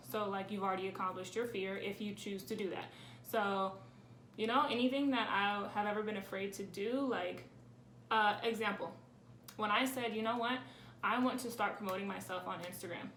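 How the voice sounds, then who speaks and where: A woman's voice: mid-range voice, a bit bright. A young woman talks straight to a camera on a tripod, answering questions in a casual, candid way. She fills her sentences with "like" and "um". Her voice rings in a roomy space with a faint hiss of ambience behind it. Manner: chatty and candid, with frequent "like" fillers. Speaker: vlogger. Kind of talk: casual Q&A vlog.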